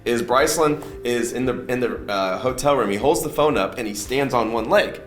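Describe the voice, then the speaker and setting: A man telling a story as a guest in a conversational interview, animated and quick to laugh. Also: mid-range voice, reverberant, faint music behind. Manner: animated, acts out other people's lines, laughs often.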